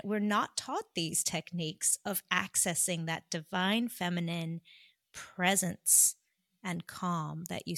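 Gravelly-voiced woman doctor as podcast guest, earnest and confessional, dry close mic. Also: lowish voice, a bit bright, dry recording. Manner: earnest, confessional, slows for emphasis. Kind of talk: emotional personal storytelling.

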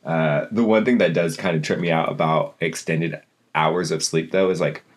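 A man's voice: very deep voice, fairly even intonation, normal speed. A man chatting casually as a podcast co-host, rambling through a story with lots of fillers. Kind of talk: casual chat.

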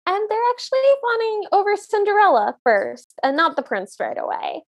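A woman's voice: very high-pitched, very animated, moderate pace. A woman co-hosting a podcast, chatting in an opinionated way about a film and stretching words out for emphasis. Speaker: podcast co-host. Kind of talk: casual chat recapping a film.

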